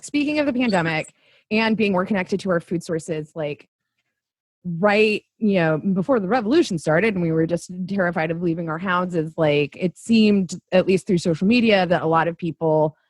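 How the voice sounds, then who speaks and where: A woman's voice: on the low side, moderate pace, dry recording. A woman co-hosting a podcast, blunt and wry, swearing and filling her talk with "like" and "you know". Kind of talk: casual podcast chat.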